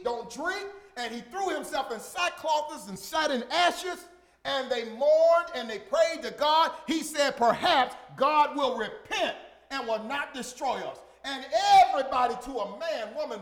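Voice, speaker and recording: A man preaching a sermon, emphatic and repetitive, swinging from shouted lines to quiet murmurs. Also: very high voice.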